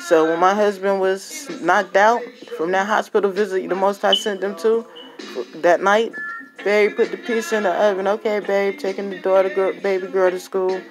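A woman's voice: medium pitch, fairly even intonation, moderate pace, over music. A woman giving an impassioned, exhorting testimony as a religious vlogger, repeating herself for emphasis. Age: adult with a child and parents. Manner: fervent, exhorting, repetitive.

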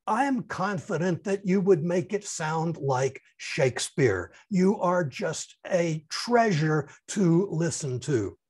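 A man's voice: sits high, darkish tone. A man giving a formal, courteous speech evaluation over a video call and lingering on key phrases.

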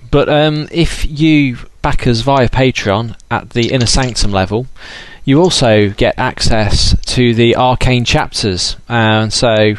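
A man's voice: mid-range voice, dry recording. Man, East Midlands accent, podcast host, casual chat, dry close sound. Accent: East Midlands English. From Derby, England.

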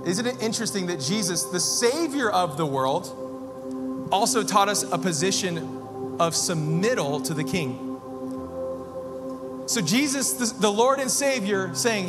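A pastor in his thirties delivers a heartfelt sermon, his voice sitting high for a man. He moves from quiet, earnest storytelling to fervent, repetitive preaching. A long church-hall reverb trails his words while music plays clearly behind him. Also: expressive, measured pace, long pauses. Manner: earnest, rising to fervent preaching with repeated phrases. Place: church sanctuary.

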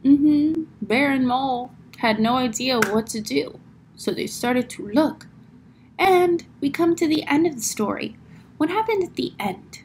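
Teacher lady reading a storybook to kids, high voice, slow and drawn out, does all the sound words. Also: a little hiss or hum. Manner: animated, asks the class questions, acts out sound words. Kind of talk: reading a picture book aloud to children.

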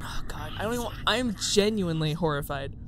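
A woman's voice: lowish voice, expressive, quick pace, a little hiss or hum. A young woman hosting a horror game let's-play, jumpy and swearing, who keeps dropping into a whisper and laughs nervously. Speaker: gaming video host. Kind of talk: casual let's-play commentary.

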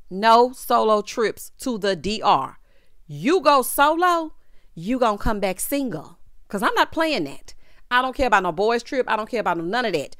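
A woman's voice: on the high side, fairly bright tone, clean tone, no room sound, clean studio sound. A woman hosting a reality TV recap, casual and sassy, talking straight to her viewers in slang.

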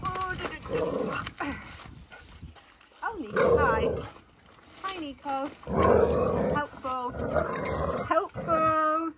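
A woman's voice: high-pitched, lively intonation, takes it slowly, pauses often, very noisy. A young woman and mother, chatting playfully in her back garden and coaxing her dogs in a sing-song voice. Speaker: vlogger and mother. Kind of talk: casual chat with pets and child.

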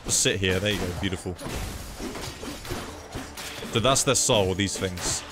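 Young gamer on a desk mic, relaxed, cursing, fairly low voice, faint music behind. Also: male voice, a little slow. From United Kingdom. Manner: relaxed, swears freely, reads chat aloud. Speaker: streamer. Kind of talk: casual live gameplay commentary.

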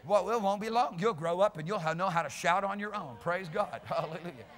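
A male pastor preaching a fiery sermon in a church, repeating phrases and swinging between shouts and low, quiet lines. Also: brisk. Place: church sanctuary. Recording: reverberant church hall.

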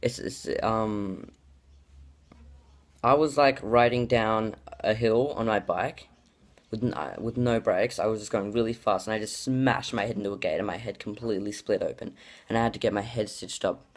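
A man's voice: on the low side, moderate pace. A man, talking casually in a vlog, rambling with lots of filler words and restarts and gushing exclamations. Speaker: YouTuber reacting to his childhood videos.

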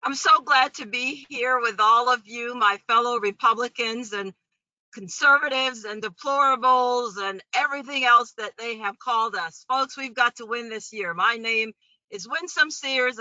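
Rousing woman candidate, sharp voice. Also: fairly high pitch, moderate pace, dry recording. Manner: rousing, direct address to the crowd. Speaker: political candidate. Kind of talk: campaign forum speech. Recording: dry, dull lo-fi audio.

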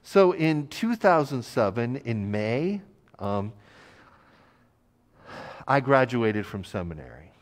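A man preaching a sermon as pastor, telling a personal story in a relaxed, conversational way with frequent fillers and light self-deprecating humor. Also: medium pitch, takes it slowly, long pauses. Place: church sanctuary. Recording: long church reverb.

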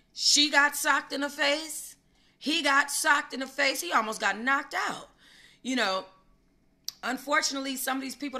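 Bright-voiced woman hosting a livestream. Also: mid-range voice. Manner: emphatic, slangy, talks back to chat. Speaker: livestream host. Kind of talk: casual livestream commentary.

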